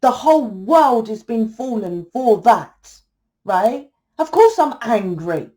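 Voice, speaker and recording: A woman's voice: a little high, sing-song, slow pace, dark tone, rough recording. A woman with a slightly raised voice, holding forth in a blunt, heated rant. She swears freely and keeps throwing rhetorical questions at her listeners, like a tarot reader lecturing her audience. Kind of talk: ranting monologue to camera.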